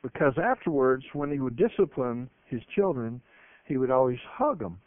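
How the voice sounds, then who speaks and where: At medium pitch and normal speed, a man preaches emphatically, bringing his stories to life with energy. His sermon is captured dry, through a narrow broadcast sound like a telephone.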